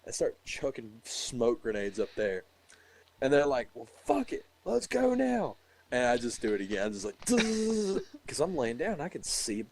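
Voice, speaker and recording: A man spinning a story in a loose, profane way, his pitch leaping up and down as he gets into it. He laughs a lot and keeps the tale rolling in casual chat. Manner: profane, animated, laughs often.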